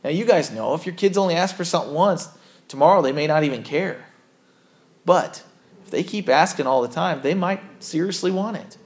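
A man's voice: on the high side, expressive, fairly quick. A man preaching a sermon as a pastor, earnest and conversational, often correcting himself mid-sentence.

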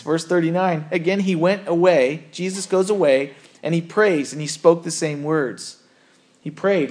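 A man's voice: a little high, measured pace, darkish tone. A man preaching a sermon as a pastor, earnest and conversational, often correcting himself mid-sentence.

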